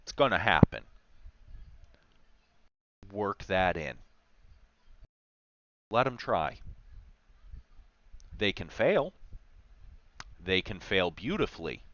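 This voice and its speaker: A man's voice: low voice, very animated, takes it slowly, long pauses, a bit bright, no room sound, muffled recording. A man chatting on a livestream about running tabletop games, telling stories with wry asides. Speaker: game master streaming a talk on game design. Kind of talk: casual livestream talk.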